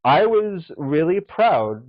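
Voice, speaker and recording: A man's voice: fairly high pitch, big pitch swings, slow, no echo. A man telling a long story in casual chat, rambling and swearing, full of fillers, as a podcast guest. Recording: dull lo-fi recording.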